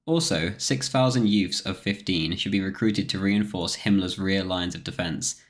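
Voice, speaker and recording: A man with a very low, deep voice narrates a scripted history documentary. His delivery is measured and steady, like a reader working through a prepared text. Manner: measured, reads quotations aloud with spoken quote marks.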